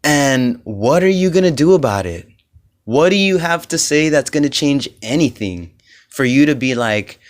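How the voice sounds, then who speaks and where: A man's voice: medium pitch, lively intonation, a little slow. A young man hosting a solo podcast, rambling with lots of fillers and swearing, getting heated as he goes. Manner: rambling, profane, many fillers; grows heated and loud. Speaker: podcast host.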